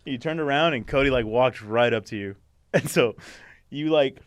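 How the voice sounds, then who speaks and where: A man's voice: medium pitch, moderate pace, no echo, clean studio sound. A man co-hosting a podcast in casual chat, laughing often and acting out other people's lines. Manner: laughs often while telling stories. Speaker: podcast co-host.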